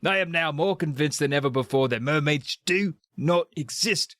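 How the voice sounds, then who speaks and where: A man voicing a formal scientist uncle with a put-on Scottish movie-star accent, speaking in a measured, unhurried way. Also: fairly high pitch, a bit bright, no echo, clean studio sound, pitched above the performer's own voice, natural voice. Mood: earnest.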